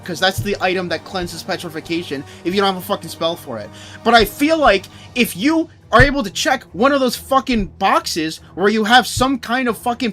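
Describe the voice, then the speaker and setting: A man's voice: very high-pitched, a bit bright. A young man streaming a game, ranting angrily and sarcastically with lots of swearing. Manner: angry profane ranting, sarcastic. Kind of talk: live game stream rant.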